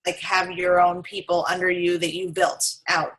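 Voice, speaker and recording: A woman's voice: fairly low pitch, flat delivery, normal speed, fairly bright tone, poor audio. A woman on a casual team video call, asking questions with stumbling restarts. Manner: curious, laughing, stumbling restarts.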